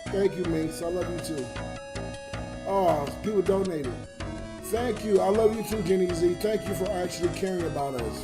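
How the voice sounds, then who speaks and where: A man's voice: high voice, moderate pace, loud music behind the voice. A drunk man livestreaming to his chat, crying and ranting in an emotional, slurred way. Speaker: livestreamer and YouTube comedian.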